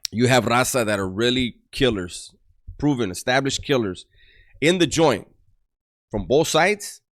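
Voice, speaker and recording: A man telling street and prison stories in casual slang, full of restarts and gruff quoted voices. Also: medium pitch, animated, measured pace, a bit bright. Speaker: storyteller on a channel. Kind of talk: casual storytelling.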